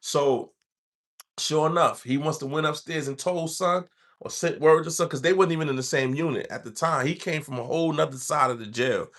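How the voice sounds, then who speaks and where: A man's voice: a little high, brisk, a bit bright. A man from the Bronx with a New York accent, telling a rambling street story in casual talk. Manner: streetwise, rambling, acts out quoted voices.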